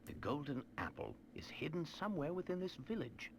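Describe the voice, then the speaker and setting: A genteel professor. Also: male voice, a little high, huge pitch swings, a little hiss or hum. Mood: composed. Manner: measured, formal, articulate. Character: refined British male professor, calm gentleman detective. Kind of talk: video game cutscene dialogue.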